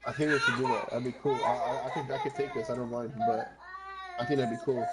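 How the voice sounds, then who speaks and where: A streamer chats casually while gaming, spinning a long, rambling story full of swearing and some Spanish. She has a bass voice, fast and with fairly even intonation.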